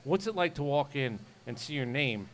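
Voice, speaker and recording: A man's voice: mid-range voice, lively intonation, moderate pace, a little hiss or hum. Chatty male radio host. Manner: chatty, encouraging, jokes along. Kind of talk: casual interview.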